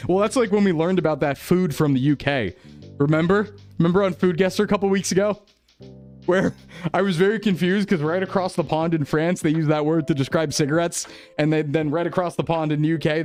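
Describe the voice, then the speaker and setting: A man's voice: on the high side, darkish tone. A man streaming, chatting casually with his viewers and laughing often. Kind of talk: casual chat reading chat.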